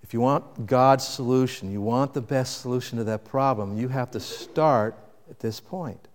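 A man preaching a sermon with dynamic delivery, rising to loud emphasis and dropping to quiet reflection. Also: mid-range voice, moderate pace, in a large hall. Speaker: pastor.

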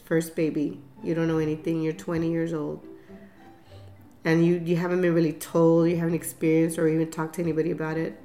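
A woman in her fifties candidly recounting a family story in an interview, laughing often and restarting sentences. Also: lowish voice. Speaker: mother telling family story. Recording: echoey room with soft guitar music.

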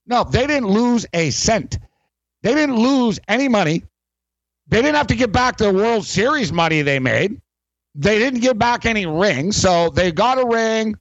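A man's voice: high-pitched, expressive, a little slow, no echo, highs cut off. A man hosting a sports talk radio show, ranting in a rambling, sarcastic way with many fillers.

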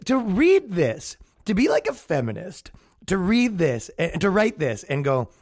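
Sarcastic podcast guy riffing on stuff, kinda high voice, mocking. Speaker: podcast host. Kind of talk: comedic commentary.

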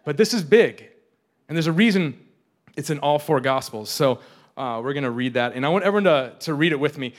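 Young male preacher, higher-pitched, chatty sermon, frequent restarts, playful asides. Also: lively intonation, fairly quick. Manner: casual, repeats and restarts words often, joking asides. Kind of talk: conversational sermon.

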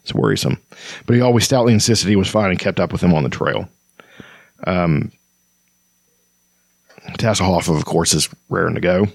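A man's voice: low-pitched, normal speed, creaky, pauses often, husky, no room sound. A man hosting a casual book chat, rambling with restarts and reading passages aloud. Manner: rambling, many fillers and restarts, reads quotes aloud. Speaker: book discussion host. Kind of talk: casual chat about fantasy books.

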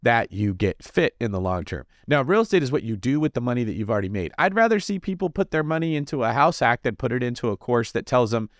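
A man hosting a real estate podcast, talking in an animated, jokey and energetic way, answering listener comments. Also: medium pitch, fast, few pauses, dry recording, studio quality. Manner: animated, jokey, fidgety delivery. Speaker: podcast host. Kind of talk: energetic casual monologue.

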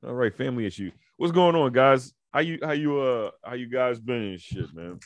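A man's voice: mid-range voice, animated, moderate pace, no echo. A man hosting a podcast in laid-back, profane casual chat, often restarting his words. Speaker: podcast host.

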